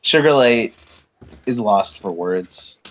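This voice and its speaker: A man's voice: on the low side, lively intonation, dull audio. A man playing a tabletop game, describing his character's actions in a descriptive way. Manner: slow, descriptive. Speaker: player.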